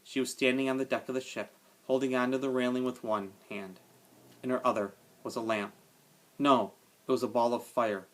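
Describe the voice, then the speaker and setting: A male teacher reading a children's novel aloud to his class with expressive storytelling. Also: medium pitch, moderate pace. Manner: expressive storytelling, casual aside at end.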